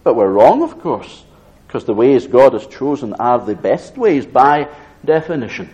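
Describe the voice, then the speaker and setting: A man preaching an expository sermon, reading scripture aloud and slowing down to stress key phrases. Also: medium pitch, big pitch swings, dark tone, highs cut off. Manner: reads scripture aloud in raised tone.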